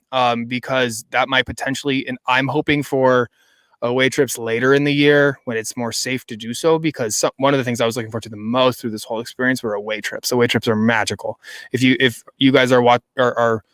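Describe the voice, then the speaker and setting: Man, podcast co-host, casual chat, enthusiastic, restarts a lot, mid pitch, dry recording. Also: steady tone, brisk, fairly bright tone, smooth, no room sound. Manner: enthusiastic, rambling with many restarts.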